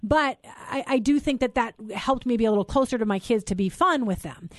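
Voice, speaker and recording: A woman's voice: a little high, a little fast, no echo, clean studio sound. A middle-aged woman hosting a talk show, chatty and affirming. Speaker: host. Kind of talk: casual chat.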